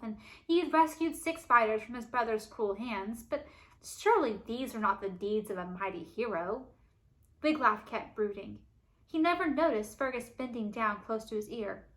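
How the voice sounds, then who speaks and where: A woman reading a children's chapter book aloud for a library book club. Her reading is lively and expressive. Her voice is bright and somewhat high. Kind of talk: storybook read-aloud.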